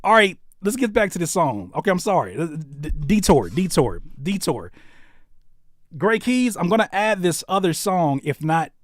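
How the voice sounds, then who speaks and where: Guy on a live stream, joking around and cussing, voice jumps all over, kinda high, dry sound. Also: normal speed, dry recording. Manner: animated joking banter, slangy and profane; reads out chat comments and teases viewers. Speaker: rapper and streamer reacting to viewer music. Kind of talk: live-stream casual chat.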